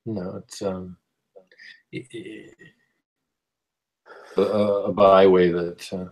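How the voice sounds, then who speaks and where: Husky, low-voiced man speaking haltingly. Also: flat delivery, a little mellow, low-quality recording. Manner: hesitant, halting. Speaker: participant. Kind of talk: conversational questions on a call.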